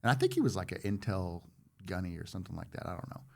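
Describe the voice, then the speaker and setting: A man in his forties, a former Marine guest on a podcast, telling a story in a loose, animated way and acting out what others said. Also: low-pitched, rapid-fire, gravelly, slightly rough. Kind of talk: casual storytelling.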